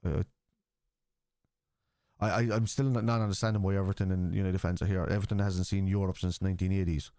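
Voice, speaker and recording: A lowish, mellow-voiced Irish man hosting a football watchalong stream, bluntly arguing with viewers in chat and swearing as he goes. His voice sounds close and dry, with no room sound around it. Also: little pitch movement, fairly quick, pauses often, dry recording. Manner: argumentative, blunt, swears casually. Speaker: host.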